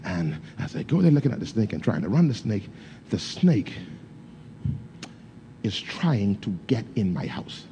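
A man's voice: fairly low pitch, very animated, unhurried, creaky, pauses often, mellow. A man preaching with fervor, his grammar loose and casual as he tells a story to the congregation. He calls out to his listeners and slips into speaking in tongues. A faint hum sits behind him. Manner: storytelling with call-outs to the congregation. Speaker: pastor. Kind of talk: sermon.

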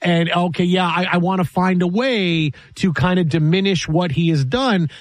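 A man co-hosting a casual sports talk show, animated and emphatic, arguing his point with quick asides. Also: sits high, no echo.

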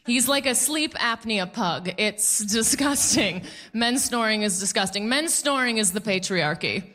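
Bright-voiced woman doing stand-up. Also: mid-range voice. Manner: animated, mimics people in quick asides. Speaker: stand-up comedian. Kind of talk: stand-up comedy set. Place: comedy club stage with live audience.

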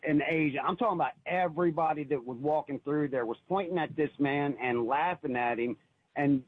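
A man's voice: fairly high pitch, a little fast, husky, no echo. A man calling in to a radio show, telling an earnest, emotional personal story and often repeating himself, heard over a phone line. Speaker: caller. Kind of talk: call-in radio testimony.

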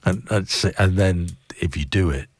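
A man with a very low, deep voice hosts a radio show, chatting casually and wryly. He meanders and interrupts himself as he goes. The sound is close and dry, with no room around it. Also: moderate pace, dry recording. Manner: rambling, wry, self-interrupting. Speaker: radio host.

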